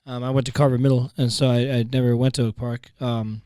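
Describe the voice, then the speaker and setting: Man, youth ministry co-host, easygoing podcast talk, crisp voice, dry close mic. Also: medium pitch, little pitch movement, quick pace, dark tone, no room sound. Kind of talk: casual podcast chat.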